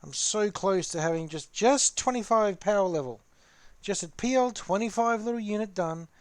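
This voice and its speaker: A man rambles casually to his live-stream viewers while he paints models. His voice sits a little high for a man. The sound is dry, with no room echo. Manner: rambling, chatty, talks to the chat. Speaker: streamer hosting a hobby chat.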